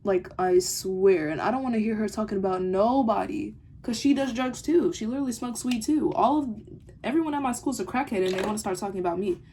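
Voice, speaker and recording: A woman's voice: medium pitch, fast talker, dark tone, slight background noise. A teenage girl telling a rambling, irritated story about a classmate in a casual video diary. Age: teens. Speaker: vlogger.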